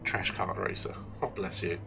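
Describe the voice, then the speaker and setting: A man's voice: deep voice, fairly even intonation, normal speed, creaky, noisy background. A man with an English accent chatting and joking with viewers while commentating his own racing game on a live stream. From England.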